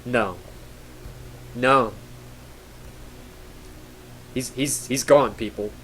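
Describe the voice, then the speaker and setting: A man's voice: mid-range voice, drawn-out words, a bit bright, slight background noise. A young man telling a story casually to his stream chat, with rambling fillers and mock-horror drama.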